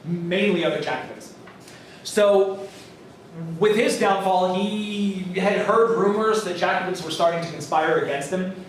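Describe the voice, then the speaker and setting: A man's voice: high-pitched, unhurried, distant mic, slight background noise. A man giving a casual college history lecture, telling the story with acted-out quotes and the odd swear word. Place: classroom. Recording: echoey classroom recorded from afar.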